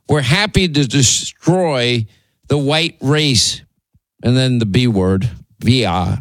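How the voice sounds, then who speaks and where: A man's voice: medium pitch, slow, no room sound. A man hosting a talk radio show, delivering indignant, rambling commentary full of restarts. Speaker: radio and podcast host.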